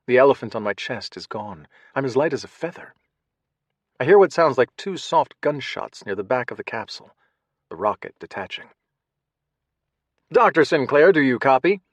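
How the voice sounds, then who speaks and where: A man's voice: mid-range voice, no room sound. Man reading a tense first-person audiobook. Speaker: audiobook narrator. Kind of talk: scripted first-person narration.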